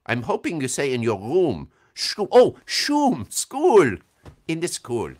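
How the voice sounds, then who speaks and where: Man, voice actor, livestream fan Q&A, video call, unhurried, playful, laughs often. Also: mid-range voice, wildly swooping pitch, darkish tone. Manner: playful, laughs often, reads chat comments aloud. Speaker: voice actor answering fan questions. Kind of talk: casual livestream Q&A.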